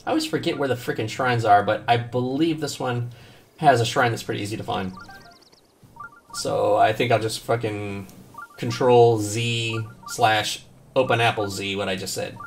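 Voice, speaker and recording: A man's voice: medium pitch, normal speed, faint music behind. A man streaming a video game live, chatting casually with viewers, joking and swearing often. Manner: animated, swears often, jokes with chat.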